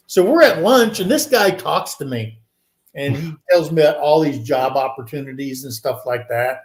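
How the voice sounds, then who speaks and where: A man's voice: a little high, normal speed. A man in his sixties, co-hosting a show, telling a rambling story and acting out the people in it with a raised voice. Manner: animated, acts out quoted people in a raised voice; rambling with many fillers and restarts. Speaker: podcast co-host. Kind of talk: casual storytelling. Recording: echoey room.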